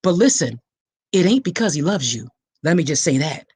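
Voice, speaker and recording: A woman's voice: low-pitched, big pitch swings, moderate pace, a little mellow, husky. A woman hosting a live awareness talk, preaching straight to her listeners with passion. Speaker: podcast host and survivor advocate. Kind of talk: live-streamed awareness talk, reading comments.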